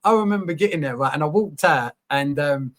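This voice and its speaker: A man telling his story in a candid conversation, open and animated, full of slang and the odd swear. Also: fairly high pitch, brisk. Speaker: podcast guest, coach.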